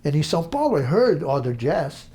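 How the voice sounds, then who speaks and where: An older man from Brazil with a Brazilian accent, telling stories in an interview in an animated, halting way. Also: a little high, husky. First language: Portuguese. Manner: animated, halting, acts out voices in quotes. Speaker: interview guest, musician. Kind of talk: storytelling interview.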